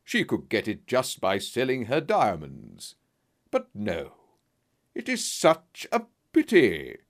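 A man voicing a smooth, menacing middle-aged blackmailer, slow and mocking in a storybook reading. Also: on the low side, wildly swooping pitch, full character voice. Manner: slow, mocking and falsely sorrowful.

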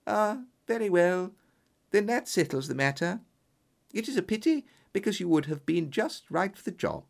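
A jovial gentleman with a gravelly edge coaxes and cajoles, as a storyteller voices him. His tone is raised and eager, swinging lively up and down. It is a storybook reading. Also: mid-range voice, normal speed. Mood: regretful. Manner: jovial and coaxing. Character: hearty, eager middle-aged gentleman employer.

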